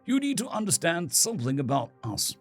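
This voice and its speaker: A gentle young father explaining patiently to his son, voiced by a male storyteller. He talks slowly and carefully, with a husky, breathy grain. His pitch moves in a lively way over faint background music. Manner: slow, explaining tone.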